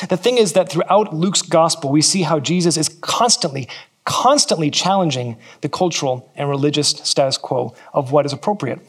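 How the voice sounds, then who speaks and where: Man, pastor type, earnest sermon delivery, slightly higher-pitched voice, repeats phrases for emphasis. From California. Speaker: preacher. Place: church in New Zealand.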